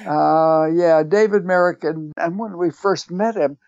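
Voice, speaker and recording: A man's voice: fairly high pitch, unhurried, a little mellow. An older man, a theater writer, chatting in an interview and telling anecdotes, chuckling as he goes. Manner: chatty storyteller, chuckles while telling, acts out quoted voices. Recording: dry, dull lo-fi sound.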